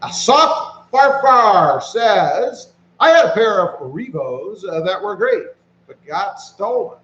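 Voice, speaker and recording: A man hosting a casual live stream, reading viewer comments aloud and greeting people by name in a relaxed way while he walks around with his phone. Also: high-pitched, takes it slowly, roomy sound, lo-fi sound. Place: walking around outdoors.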